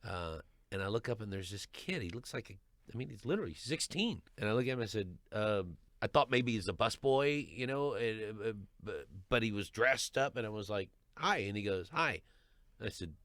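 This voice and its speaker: A middle-aged man, a stand-up comedian, telling stories in an animated way and often repeating words as he restarts. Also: fairly low pitch, a little fast, no echo, clean studio sound. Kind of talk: storytelling chat.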